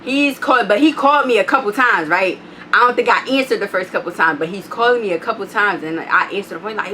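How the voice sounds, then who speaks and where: A young woman vlogger telling an animated, profane storytime, acting out what people said with big jumps in pitch. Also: fast, slight background noise.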